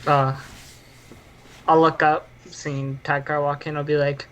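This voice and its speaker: A man's voice: on the high side, level tone, measured pace, pauses often, fairly bright tone, clear, resonant tone. A man playing in a tabletop game, describing his character's actions and speaking for him. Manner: describes his own actions in third person. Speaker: player.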